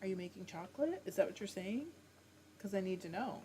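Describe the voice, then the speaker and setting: Reading chat on her at-home fiber arts livestream, a woman responds to viewers in easy, casual conversation. Her medium-pitched voice is mellow and husky, expressive and brisk.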